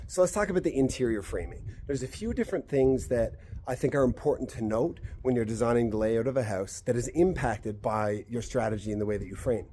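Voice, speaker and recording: A man's voice: medium pitch, a little fast, hardly any pauses, mellow, a little hiss or hum. A man who works in real estate, walking through a house frame outdoors and explaining the construction in a chatty, emphatic way. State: a little out of breath. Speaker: real estate agent touring a house build. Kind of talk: walkthrough explainer vlog.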